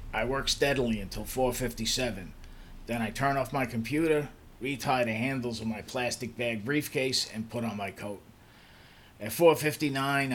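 Dry, matter-of-fact male narrator. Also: medium pitch. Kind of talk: first-person narration of a story.

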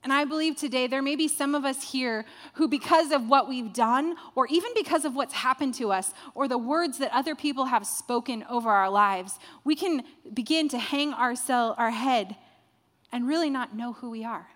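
A woman with a fairly high voice preaches a sermon in a church hall, with long reverb trailing her words. She tells the story vividly and acts out the quoted dialogue. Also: moderate pace, fairly bright tone. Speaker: pastor.

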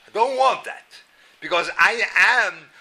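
A man with a high, very bright and cutting voice gives a spoken Torah lecture. He talks straight to the listeners with asides and questions and mixes Hebrew and Yiddish words into his English. He acts out inner voices as he argues each point. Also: expressive, unhurried, vocal fry. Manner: emphatic, acts out inner voices with rising and falling pitch. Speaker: rabbi teaching a Torah class.

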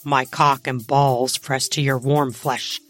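A woman voicing a confident, seductive man playing Santa, speaking in a firm, smooth, commanding way. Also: extremely low pitch, flat delivery, slow pace, faint music behind, voice pushed down.

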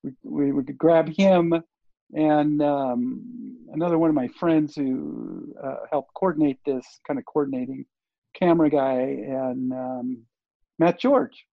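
A man's voice: fairly high pitch, slow, gravelly, no echo. An older man, a guest on an interview show, telling a story in a loose, rambling way with lots of fillers and restarts. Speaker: interview guest, surf TV producer. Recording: dull lo-fi dry recording.

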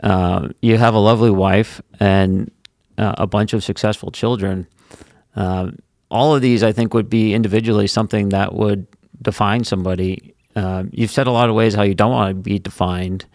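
A man hosting a podcast interview, asking measured questions and giving brief, affirming replies. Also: fairly low pitch, fairly even intonation, a little mellow, dry recording, clean studio sound. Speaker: podcast host.

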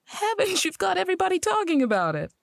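An actress playing a teasing, dismissive wife in an old-time radio drama. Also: female voice, very high voice, huge pitch swings, fast talker, creaky, dry recording, studio quality, full character voice. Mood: chiding. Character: chiding wife, teasing and brisk.

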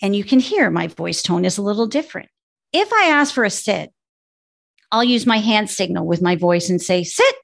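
A woman dog trainer with a gravelly, fry-tinged voice. She explains each point in a steady, instructive way, in relaxed podcast conversation. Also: medium pitch, moderate pace.

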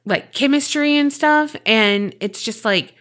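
A woman's voice: a little high, a little slow, fairly bright tone. Chatty Southern woman podcast host. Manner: chatty, lots of fillers and swearing. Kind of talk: reading a listener email, then casual chat.

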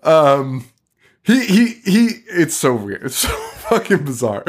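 Animated, laughing man recapping a movie. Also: on the high side, slow. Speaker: podcast host.

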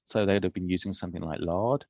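A man, a food historian, explaining old recipes in a thoughtful, unhurried podcast conversation. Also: low voice, fairly even intonation, darkish tone, no echo.

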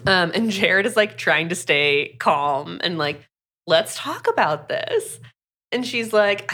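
A woman's voice: lowish voice, sing-song, slow pace, pushed and bright. A woman co-hosting a podcast, chatting casually and acting out characters' lines with lots of "like". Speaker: podcast co-host recapping a book. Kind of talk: casual chat.

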